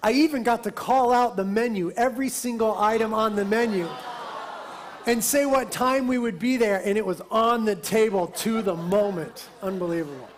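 High-voiced man preaching a sermon. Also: moderate pace, some chatter behind, slight background noise. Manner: lively, emphatic preaching with a conversational aside. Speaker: pastor.

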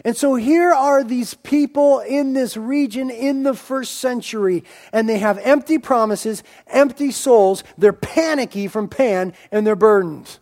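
High-voiced emphatic male preacher. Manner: emphatic preaching, swinging between loud drawn-out lines and quiet asides. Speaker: pastor. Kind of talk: sermon.

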